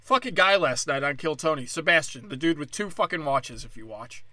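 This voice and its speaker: This man's slightly high, pushed and bright voice moves a little fast with lively intonation as he rants alone on his own podcast. A stand-up comedian by trade, he swears, turns sarcastic and mocks others in put-on voices, all in anger.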